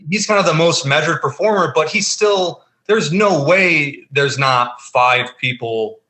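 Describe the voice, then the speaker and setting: A man's voice: fairly high pitch, unhurried, sharp tone. A man co-hosting a casual film review podcast, talking emphatically with lots of fillers and restarts. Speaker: podcast co-host.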